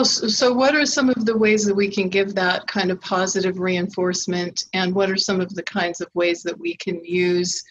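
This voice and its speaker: A woman's voice: on the low side, dull audio, a little hiss or hum. A woman hosting an interview, asking follow-up questions and repeating points back. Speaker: interviewer, host. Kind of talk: casual interview.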